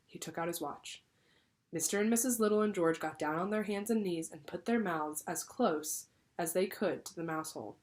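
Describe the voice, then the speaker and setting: A teacher reading a children's book aloud, pausing to explain the story to her class. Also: fairly low pitch. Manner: lively, pausing to explain to pupils.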